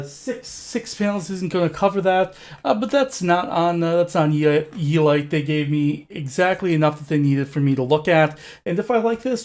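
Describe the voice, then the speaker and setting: Man, slightly higher voice, casual home tech review, hesitant, many fillers, candid. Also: darkish tone. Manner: candid and chatty. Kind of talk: casual unscripted product review. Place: home room with wall panels.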